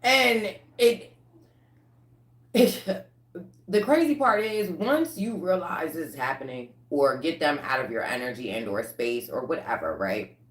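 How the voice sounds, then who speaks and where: A woman's voice: low-pitched, a little slow. Tarot lady ranting on a livestream, swears a lot, kinda echoey room. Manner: blunt and profane, with lively rants. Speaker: tarot reader. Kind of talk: casual livestream reading.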